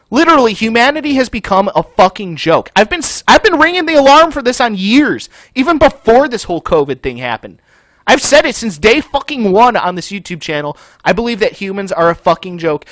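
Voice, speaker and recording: A man's voice: high voice, dry recording. A man hosting a gaming channel, ranting angrily with constant profanity over gameplay. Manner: profane, furious, yelling rant.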